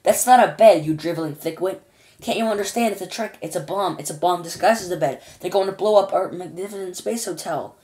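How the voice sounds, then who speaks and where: A woman doing a gruff, bossy President. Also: fairly quick, a little mellow, lightly acted. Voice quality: deep and rasping. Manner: bossy, insulting, barking orders. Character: pompous shouting male President of the United States. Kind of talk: children's storybook reading.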